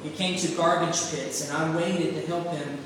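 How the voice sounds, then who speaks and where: A man's voice: a little high, fairly even intonation, normal speed, noisy background. A man preaching a sermon and reading a story aloud, speaking earnestly in short, emphatic phrases. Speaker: pastor. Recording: echoey hall from far off.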